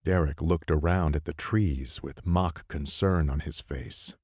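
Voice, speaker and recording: A man reading a horror audiobook as narrator, measured and expressive. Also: a bass voice, slightly rough, no echo, clean studio sound. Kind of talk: scripted narration.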